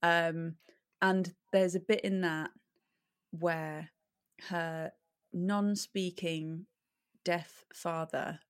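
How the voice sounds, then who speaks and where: A woman's voice: lowish voice, steady tone, extremely slow, long pauses, clean tone. A woman from England, a podcast guest, chatting casually and giggling often. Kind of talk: casual chat.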